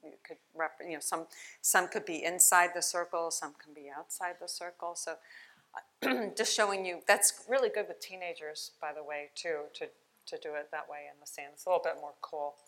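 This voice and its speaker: A woman speaks at a conference keynote with a bright, clear-edged voice. Her talk is chatty and animated, a play therapist telling stories to the audience through a microphone. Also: lowish voice, normal speed. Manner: chatty, animated storytelling with laughs. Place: conference hall.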